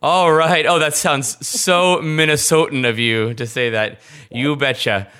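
A man's voice: on the high side, a little slow, bright, forceful tone, smooth. A man hosting a podcast, chatting casually and animatedly with rambling asides. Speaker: podcast host. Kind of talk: casual interview chat.

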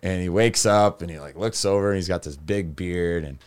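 A man's voice: sits low, moderate pace, clear, resonant tone. A man telling his own story as a guest, rambling and candid, with lots of restarts and fillers. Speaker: guest recounting his recovery.

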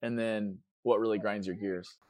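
A man's voice: fairly low pitch, fairly even intonation, moderate pace, a little mellow, no room sound. Easygoing man host, rambling and dry-sounding. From Chicago. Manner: easygoing, rambling, searches for words. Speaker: podcast host. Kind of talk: casual interview chat.

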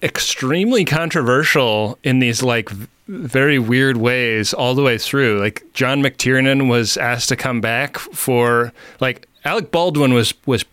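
A man's voice: medium pitch, unhurried, fairly bright tone, clean tone, no room sound. A man hosting a podcast, talking in a wry, self-deprecating way. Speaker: podcast host. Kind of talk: casual podcast chat.

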